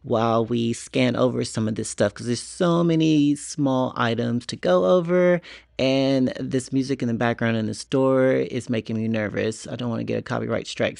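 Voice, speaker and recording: A man's voice: medium pitch, creaky, darkish tone, dry recording, clean studio sound. A man chatting casually through a shopping vlog inside a store, rambling eagerly about his finds. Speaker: Halloween shopping vlogger. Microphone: portable mic while walking.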